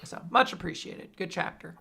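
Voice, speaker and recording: A man's voice: high-pitched, expressive, moderate pace, vocal fry, sharp tone, husky. A man co-hosting a podcast, chatting casually and agreeably about manga chapters. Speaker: podcast co-host. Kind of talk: casual manga recap chat.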